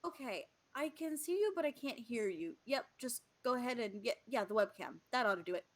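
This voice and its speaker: A woman's voice: fairly high pitch, expressive, brisk, pitched above the performer's own voice. A woman voicing God as a friendly, fumbling man on a video call, sheepish and chatty like a customer-service rep. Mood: apologetic.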